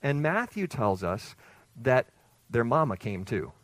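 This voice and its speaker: A man's voice: mid-range voice, sing-song, a little slow, no echo. A man preaching an expository sermon with emphatic rhetorical questions that build in intensity. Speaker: pastor.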